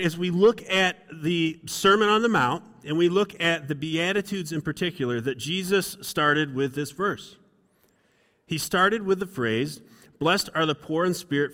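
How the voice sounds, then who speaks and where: Middle-aged male pastor, easygoing sermon delivery, slightly higher voice, church hall reverb. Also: a bit bright. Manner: conversational, self-deprecating storytelling. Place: church sanctuary.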